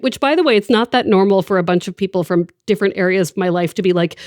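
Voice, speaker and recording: A woman hosting a podcast, chatting enthusiastically with her guest and telling stories with lively asides. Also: fairly low pitch, quick pace, dry recording, studio quality. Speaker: podcast host. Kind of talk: conversational podcast interview.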